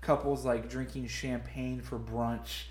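A man's voice: mid-range voice, level tone, slow pace, a little mellow, reverberant. A young man telling a story in casual chat, rambling and laughing often. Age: young adult.

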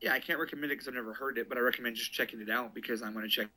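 A man in his thirties chatting casually on a podcast, with a very bright, tense edge to his voice. He sounds laid-back and dry, and his jokes come out deadpan. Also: mid-range voice, very fast. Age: 30s. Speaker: podcast co-host. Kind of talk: casual chat.

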